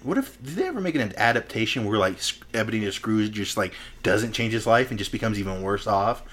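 A man's voice: lowish voice, big pitch swings, a little fast, a bit bright. Joking man on a comedy podcast. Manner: joking, laughs often, acts out scenes. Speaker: podcast co-host. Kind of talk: casual comedic banter.

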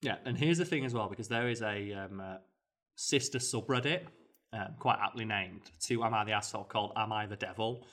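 A man's voice: fairly low pitch, a little fast, fairly bright tone. A man, co-hosting a podcast, telling a story animatedly with quoted voices. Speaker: podcast co-host. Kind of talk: casual chat.

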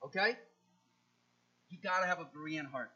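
A man preaching a sermon, animated, often repeating words and acting out quoted speech with sudden loud jumps. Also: fairly high pitch, normal speed, dull audio. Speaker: pastor.

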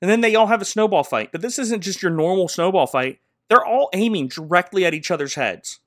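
A man recaps a movie in a sarcastic, rambling way and laughs often. His voice sits a little high for a man and moves around a lot in pitch. The sound is dry and close. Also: expressive, a little fast, fairly bright tone, no room sound.

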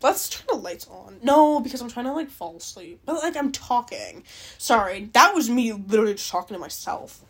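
A woman's voice: fairly high pitch, animated, normal speed, husky. A young woman hosting a podcast alone, chatting in a rambling, self-interrupting way and swearing freely. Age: young adult. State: dry-mouthed and out of breath. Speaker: podcast host. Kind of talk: casual solo chat.

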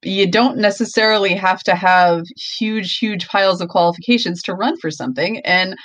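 A young woman co-hosts a podcast in loose, casual chat, her talk scattered with likes and ums. Her voice sits in a middle pitch and sounds dry and close. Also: normal speed, a bit bright, dry recording. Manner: chatty, full of likes and ums. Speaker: podcast co-host.

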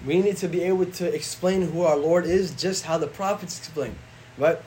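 A man, an imam, teaching a casual religious class, conversational and slangy, reciting Arabic verses quickly. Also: fairly high pitch, darkish tone, a little hiss or hum.

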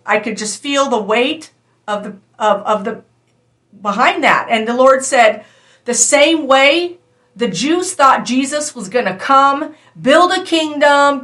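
A woman with a bright, fairly high voice delivers a prophetic word as a sermon. She speaks earnestly, retelling a scripture passage and then talking to her listeners in a casual, direct way. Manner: earnest, conversational, addresses listeners as "you guys". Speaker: prophetic preacher.

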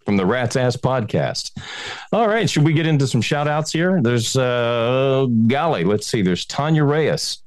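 A man's voice: mid-range voice, measured pace, no echo, clean studio sound. A man co-hosting a casual podcast, joking and laughing often. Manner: jokey, laughs often, lively delivery. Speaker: podcast co-host. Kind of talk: casual chat.

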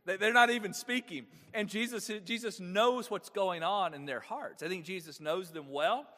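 A man's voice: high-pitched, moderate pace, bright, forceful tone, in a large hall. A male pastor preaching a sermon, engaging the congregation with frequent rhetorical questions.

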